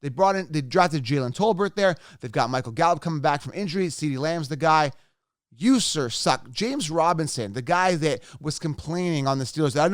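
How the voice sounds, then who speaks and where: Guy with a high voice ranting hard, dry close sound, keeps mocking and repeating himself. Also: expressive, brisk, fairly bright tone, no room sound. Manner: emphatic, repetitive, mocking outbursts. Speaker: fantasy football YouTuber. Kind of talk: opinionated ranting commentary.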